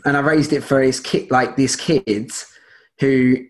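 A man's voice: medium pitch, fairly even intonation, measured pace. A man speaking as a guest in a casual interview, rambling with many restarts and fillers.

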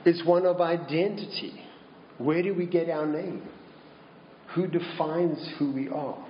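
A man preaching a sermon slowly and deliberately, posing rhetorical questions to his congregation. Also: a little high, fairly even intonation, reverberant, dull audio, slight background noise. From Minnesota.

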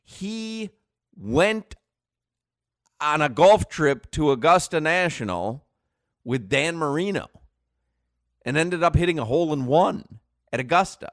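Lively, animated male sports radio host. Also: a little high, a little slow, pauses often, no echo, clean studio sound. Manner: animated, rambling storyteller who laughs often. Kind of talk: sports talk radio chat. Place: radio studio.

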